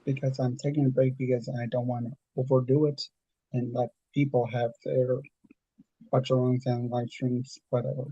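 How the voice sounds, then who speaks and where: A man's voice: medium pitch, flat delivery, normal speed, dark tone, husky, dry recording, dull audio. A man hosting a movie livestream in a laid-back, casual way, plugging his channels. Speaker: livestream host.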